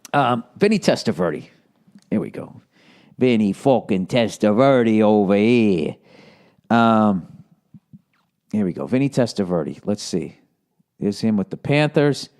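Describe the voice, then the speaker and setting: A man in his forties with a Boston accent, hosting a casual solo podcast and rambling with lots of swearing. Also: medium pitch. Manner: profane, rambling, slips into shouted movie-gangster impressions. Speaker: podcast host.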